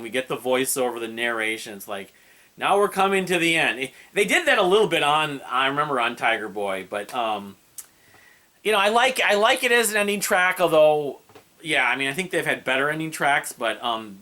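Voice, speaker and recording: A man's voice: medium pitch, bright, forceful tone. A man casually reviewing an album, rambling and hesitant with many fillers and restarts. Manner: hums and scats melodies.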